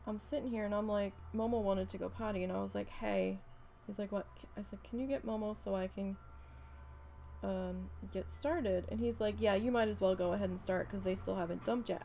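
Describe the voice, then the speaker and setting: A woman's voice: medium pitch, gravelly, a little mellow, a little hiss or hum. A woman, chatting casually and rambling through a story while she crafts, swearing freely. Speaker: craft vlogger.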